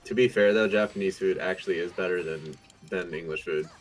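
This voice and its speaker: Laid-back, low-voiced man cursing bluntly. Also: brisk, soft background music, low-quality recording. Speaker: streamer. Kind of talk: casual chat.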